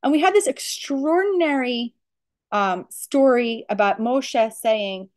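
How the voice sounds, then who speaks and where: A woman teaching a lecture on a religious text, emphatic and animated, often asking rhetorical questions. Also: on the high side, slow pace. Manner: animated storytelling.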